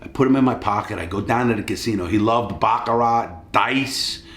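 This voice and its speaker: A man's voice: fairly low pitch, normal speed, a bit bright, reverberant. A middle-aged man telling stories in a rambling, casual way, swearing freely, recorded in a hotel suite. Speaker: storyteller. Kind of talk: profane casual storytelling.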